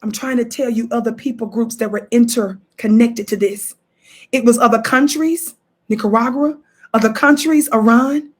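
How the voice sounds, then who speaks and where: A woman's voice: on the high side, moderate pace, slightly rough. A woman hosting a livestream, reading passages from a book and stressing key points for her viewers. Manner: emphatic, addresses viewers directly, repeats key quotes. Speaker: livestream host. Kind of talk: live commentary reading from a book.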